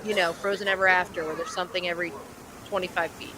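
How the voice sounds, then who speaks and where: A woman's voice: fairly low pitch, level tone, fast, crowd noise, rough recording. A woman chatting enthusiastically in a casual group ride commentary, with lots of "like".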